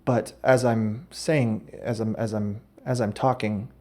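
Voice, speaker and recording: Speaking at a measured pace in a lowish, slightly mellow voice with fairly even intonation, a man hosts a podcast. He rambles through an absurd comic tale and repeatedly breaks off to correct himself.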